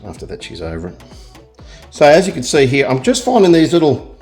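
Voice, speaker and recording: A middle-aged Australian man giving a relaxed, rambling painting lesson, talking as he works and joking at his own expense. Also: on the high side, a little fast, soft background music. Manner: rambling, self-deprecating, chatty. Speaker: art tutor. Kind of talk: real-time painting tutorial.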